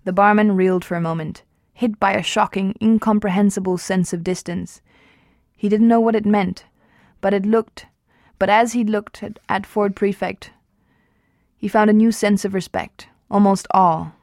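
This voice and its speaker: A woman reading a novel aloud at an even pace, with small slips and restarts. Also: mid-range voice, normal speed, no echo, clean studio sound. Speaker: reader.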